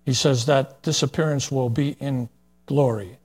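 Older preacher with a breathy, husky voice. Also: male voice, mid-range voice, steady tone, unhurried, darkish tone. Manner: plain-spoken, folksy, with frequent fillers and asides. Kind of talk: verse-by-verse sermon.

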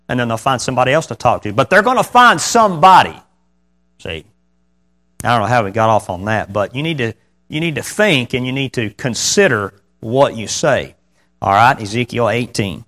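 A man delivers a sermon in an easy, conversational way, with a voice of ordinary middle pitch. He keeps asking his congregation questions. He reads scripture aloud in old-fashioned wording. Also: expressive, brisk, a bit bright. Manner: conversational preaching with rhetorical questions. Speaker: pastor.

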